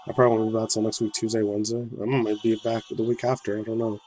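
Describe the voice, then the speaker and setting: A man in his thirties, hoarse from a sore throat, rambling casually through a vlog as a gaming news host. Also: fairly low pitch, little pitch movement, fast talker, dark tone, poor audio. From United States. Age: 30s. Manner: rambling, fillers, loose slangy talk.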